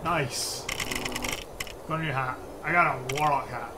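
A man in his thirties giving excitable, playful gameplay commentary and swearing freely. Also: a little high, a little slow, very noisy. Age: 30s. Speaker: let's play host. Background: loud game music.

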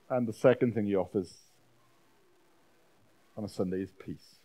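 A man preaching a sermon as a pastor, swinging from loud dramatic outbursts to quiet, intimate lines. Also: lowish voice, normal speed, long pauses. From Wales. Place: church weekend-away gathering.

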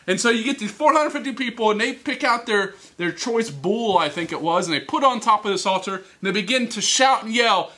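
A man preaching to teens, telling a Bible story with animated, teasing character voices. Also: sits high, fairly quick, hardly any pauses. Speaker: youth speaker. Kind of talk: youth sermon storytelling. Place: church hall.

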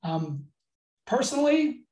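A man runs a leadership webinar over a video call, talking in a candid, energetic way. His voice sounds roomy and sits back from the mic. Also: extremely high pitch, takes it slowly, distant mic. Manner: energetic, candid, gets emotional. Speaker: leadership trainer. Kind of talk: live webinar training.

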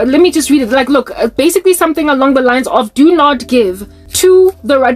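A South African woman giving an emotional faith monologue, pleading and passionate, often restarting mid-sentence. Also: high-pitched. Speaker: Christian vlogger.

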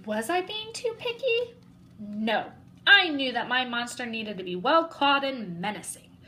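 A woman reading a children's picture book aloud and telling it as a young boy would. Her voice sits a little high, bright and lively, rising and falling freely. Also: a little slow, poor audio. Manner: expressive, voicing a young boy narrator. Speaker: storybook reader.

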